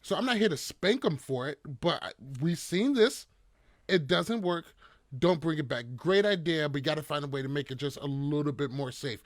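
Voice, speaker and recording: A man's voice: on the high side, animated, normal speed, no echo, clean studio sound. A man co-hosting a podcast, giving opinionated takes in casual chat. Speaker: podcast co-host.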